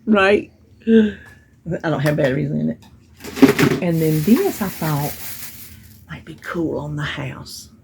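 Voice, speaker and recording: A woman vlogger with a low, creaky voice and lively intonation speaks slowly with long pauses. At home, she chats casually about items she bought and got in the mail, telling stories along the way in Southern-style grammar. Background noise is audible.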